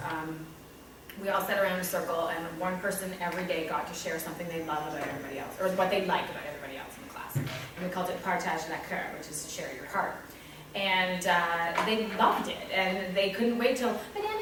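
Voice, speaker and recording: A woman's voice: on the low side, noisy background. A woman teacher talking candidly to fellow teachers about her classroom, acting out children's voices and her own. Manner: chatty, candid, acts out kids and herself. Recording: echoey room from far off.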